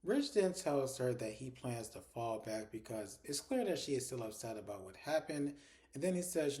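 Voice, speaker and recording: A man's voice: medium pitch, animated, moderate pace, a little mellow. A man giving a casual recap of a TV episode, voicing the characters' lines as he retells the scenes and swearing now and then. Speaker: TV episode reviewer.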